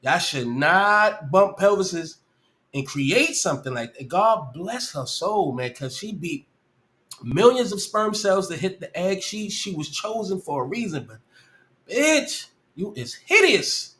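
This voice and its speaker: A man hosting a live stream and reacting to a clip, trading drawn-out, cursing comments for loud, shocked outbursts. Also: high-pitched, expressive. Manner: drawling, slow comments between outbursts.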